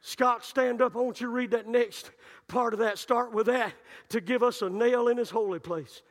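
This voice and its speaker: A man preaching a sermon, telling stories and building to shouted climaxes. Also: extremely high pitch, fairly even intonation, moderate pace. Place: church sanctuary. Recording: long reverb of a church hall.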